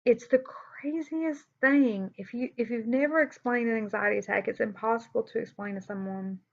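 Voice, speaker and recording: A woman's voice: on the high side, moderate pace, gravelly. A woman telling a personal story in a candid, conversational vlog, with sighs, fillers and restarts. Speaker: vlogger. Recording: slightly dull lo-fi sound.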